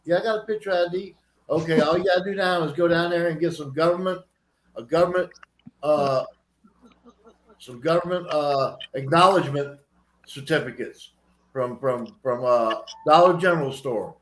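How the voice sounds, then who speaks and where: A man voicing a pushy male prize-scam phone caller who stumbles through halting sales patter. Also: fairly high pitch, close to an everyday voice. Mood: wheedling. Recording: echoey room with background noise.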